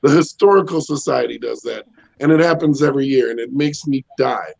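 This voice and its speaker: A man in his thirties with a loud, bassy voice, doing a rambling stand-up set from home with lots of ums and chuckles. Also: brisk, vocal fry, lo-fi sound. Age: 30s. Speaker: stand-up comedian. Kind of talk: casual stand-up set over video call. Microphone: home video call.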